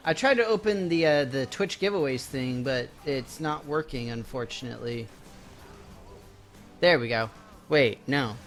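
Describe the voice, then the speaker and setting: A man's voice: fairly high pitch, fairly bright tone. A young man chatting casually to his viewers while playing a game live, joking about himself and his busy day. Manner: chatty, self-mocking, talks to chat while playing. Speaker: game streamer. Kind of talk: casual live-stream chat. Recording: game music playing faintly behind.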